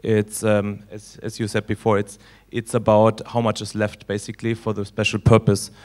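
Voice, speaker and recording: A man speaking as a panelist on lending, halting often with "uh" and "um". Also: fairly low pitch, completely flat delivery. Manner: halting, many "uh" and "um". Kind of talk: panel discussion.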